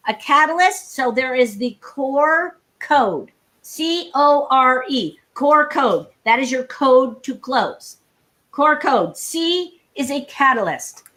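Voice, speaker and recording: A woman sales coach speaking live over a video call, brisk and emphatic, with frequent laughter and humor. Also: sits high, bright, forceful tone. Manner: brisk, emphatic, laughs often, acts out dialogue. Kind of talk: energetic live talk with humor.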